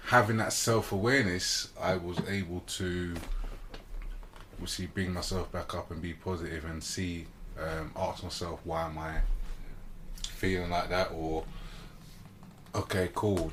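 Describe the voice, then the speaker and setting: A man's voice: deep voice, a bit bright, a little hiss or hum. A man co-hosting a casual podcast discussion, talking openly and easily about his own feelings. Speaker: podcast co-host.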